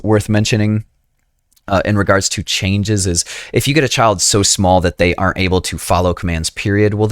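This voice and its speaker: A low-voiced man lectures as an EMS instructor. His delivery is casual and conversational, full of self-corrections and "right?" tags. The recording is close and dry, with no room sound. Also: dry recording.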